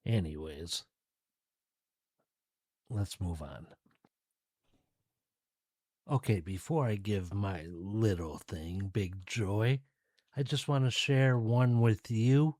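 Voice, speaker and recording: A man hosting his own podcast, talking casually and directly to his listeners in a relaxed, chatty way. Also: fairly low pitch, takes it slowly, long pauses, no echo, studio quality. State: tired, yawning. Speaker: podcast host. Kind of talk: casual solo podcast talk.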